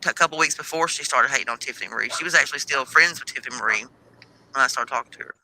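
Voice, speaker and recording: A man's voice: mid-range voice, very fast, sharp tone, slight background noise, rough recording. A man in casual gossip chat, laughing often and acting out what others said.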